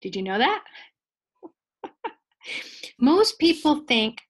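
A woman in her forties, a guest in a conversational interview, explaining ideas in a playful, animated way and laughing often. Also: sits high, slow pace.

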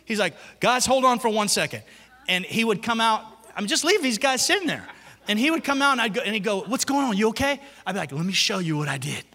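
Lively high-voiced male pastor in a hall. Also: fast talker. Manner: lively storytelling, acts out quotes. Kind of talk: sermon. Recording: long hall reverb.

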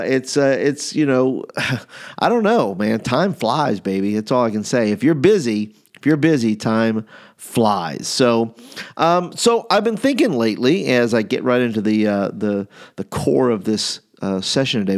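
A man in his forties giving a casual teaching talk on youth ministry, rambling with fillers and restarts as he tells a story. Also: mid-range voice. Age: 40s.

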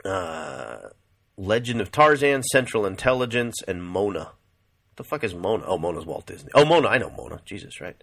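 Profane, rambling man with a lively voice. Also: sits low, normal speed, creaky. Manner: profane, rambling, says "dude" a lot. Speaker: vlogger. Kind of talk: casual rambling commentary.

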